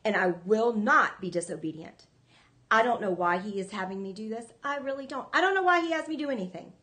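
A woman's voice: fairly high pitch, expressive, a little fast, pushed and bright. A woman hosting a ministry show, preaching to viewers in an earnest, emphatic way, often repeating herself. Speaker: ministry host.

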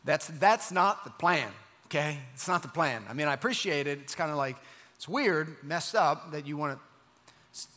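A man's voice: fairly high pitch, animated, moderate pace, bright, forceful tone. A man acting out an alarmed, protesting disciple in an echoey hall. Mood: insistent. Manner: protesting, pleading. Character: alarmed, insistent adult male disciple.

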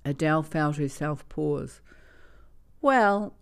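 A woman reading a family story aloud in a calm, even narrating voice. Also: deep voice, moderate pace.

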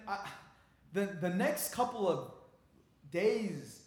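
Male pastor, slightly high voice, earnest conversational storytelling, heavy room echo from the church sanctuary. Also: a little slow. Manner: earnest, conversational, emotionally charged retelling. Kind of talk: sermon storytelling. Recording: very echoey large room.

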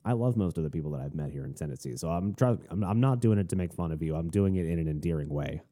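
A young man from Florida, hosting a podcast, tells a rambling, animated story in a casual rant with frequent restarts and asides. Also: low-pitched, quick pace. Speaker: podcast host. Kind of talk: casual ranting monologue.

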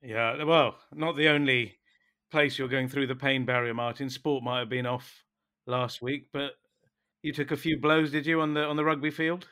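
Guy cohosting sports talk, bright sharp voice, teasing banter. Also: mid-range voice, level tone, moderate pace. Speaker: sports show co-host. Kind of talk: casual sports chat.

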